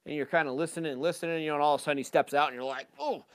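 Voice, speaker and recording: A man presenting a live talk to an audience on a handheld mic, casual and energetic, with lots of fillers. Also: fairly high pitch, rapid-fire, clean tone. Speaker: hunting seminar presenter.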